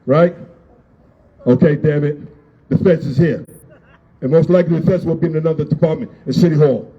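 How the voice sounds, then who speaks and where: This rally speaker has a slightly rough, higher-pitched voice and a brisk delivery. Outdoors on the street, he shouts his emotional, blunt message and keeps hammering the same points. Sound quality is dull and lo-fi, with a faint hiss.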